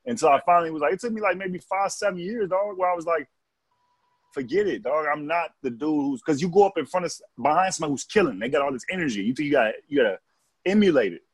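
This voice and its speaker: Fast-talking husky male comedian. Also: fairly high pitch, lively intonation, dry recording. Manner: rapid storyteller, acts out quotes. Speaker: comedian guest. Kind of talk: casual chat.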